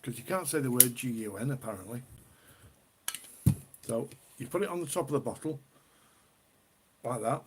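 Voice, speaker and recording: A man's voice: medium pitch, expressive, normal speed, pauses often, a little hiss or hum. A middle-aged man from the UK hosting a casual beer live stream, chatty and rambling, often repeating himself. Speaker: beer livestream host.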